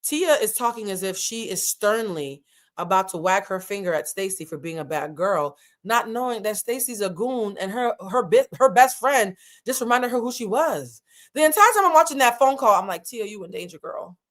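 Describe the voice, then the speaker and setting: A woman's voice: medium pitch, expressive, moderate pace, fairly bright tone. Woman host for a chatty reality TV recap, frank and slangy, talks straight to the viewers. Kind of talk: casual commentary.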